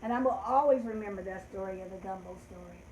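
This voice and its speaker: An older woman hosting a children's show, gently and heartfeltly telling a story and leading rhymes. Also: mid-range voice, quick pace, lo-fi sound, noisy background. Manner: gentle, heartfelt, trailing off softly. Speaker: host. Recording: roomy echo.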